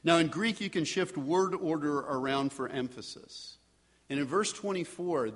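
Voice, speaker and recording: A man preaching a sermon in a relaxed, conversational way, now and then acting out the voices of the people in the story. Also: medium pitch, normal speed. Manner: conversational, animated, acts out voices of biblical figures. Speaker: pastor. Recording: long hall reverb.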